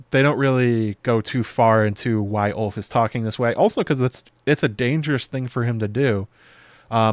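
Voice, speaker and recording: A man hosting a video show, talking through a TV episode in loose, chatty commentary full of fillers and quick playful impressions. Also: mid-range voice, no echo. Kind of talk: casual episode breakdown commentary.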